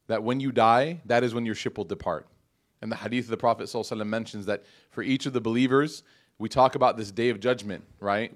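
A man giving a casual religious lecture to a live audience in a mosque hall, talking conversationally with many fillers and restarts. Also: mid-range voice. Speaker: Islamic lecturer.

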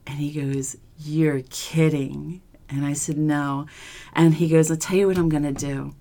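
Woman guest, low voice, animated storyteller who does the voices of the people she quotes. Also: moderate pace. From Philadelphia. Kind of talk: casual storytelling.

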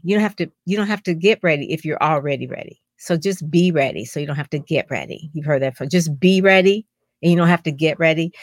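A woman's voice: fairly low pitch, no echo, studio quality. A woman speaking as a publicity strategist, coaching listeners in an emphatic way and asking lots of rhetorical questions. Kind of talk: podcast advice talk.

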